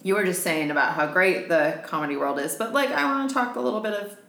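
Podcast host lady, lowish voice, chatty and laughy, echoey room sound. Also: animated, fast talker, vocal fry, a bit bright. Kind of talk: casual interview chat.

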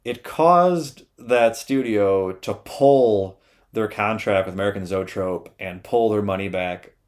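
A man's voice: fairly low pitch, takes it slowly. Profane, loose male storyteller. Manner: loose, profane, animated retelling with frequent "uh". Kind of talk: casual storytelling.

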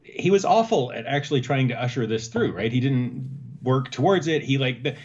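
A man's voice: medium pitch, expressive, moderate pace, a little mellow, slightly rough, muffled recording. A man from Texas co-hosting a political podcast, talking in a hesitant way with many restarts. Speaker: podcast co-host. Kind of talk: casual political chat.

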